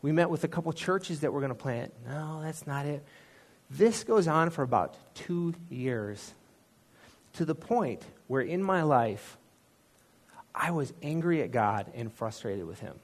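A man's voice: fairly high pitch, animated, measured pace. Earnest man telling a testimony. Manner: earnest, conversational storytelling with self-deprecating asides. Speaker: church speaker sharing a testimony. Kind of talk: personal testimony in a sermon.

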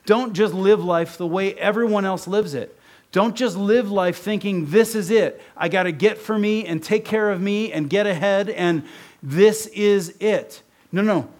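A man from Ohio preaching a sermon in a conversational way, often checking in with the congregation. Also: high-pitched. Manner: conversational preaching with repeated "right?". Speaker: pastor.

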